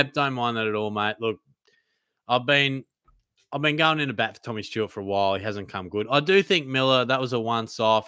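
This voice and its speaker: A young Australian man hosts a live Q&A and reads chat questions aloud in loose, easygoing banter full of "mate". His voice is bright and crisp, and the recording sounds dry and close. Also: on the low side, dry recording. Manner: casual, laid-back banter with frequent mates and fillers. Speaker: host.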